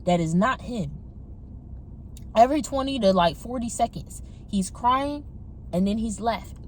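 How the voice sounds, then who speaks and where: A young woman casually telling her personal testimony to her viewers on a phone camera, animated and talking straight to them. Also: a little high, a little slow, a little hiss or hum. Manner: animated, addresses viewers as y'all. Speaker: testimony vlogger.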